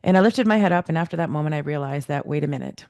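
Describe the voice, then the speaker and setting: A middle-aged woman telling a personal story as a podcast guest, animated and acting out the dialogue she remembers. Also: sits low, racing, dry recording.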